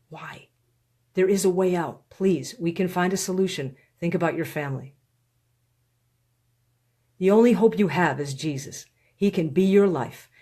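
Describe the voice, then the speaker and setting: A woman reading her own book aloud in a live stream, pleading and heartfelt, with slow, deliberate phrasing. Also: fairly low pitch, dark tone, husky. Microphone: phone or webcam on a live stream.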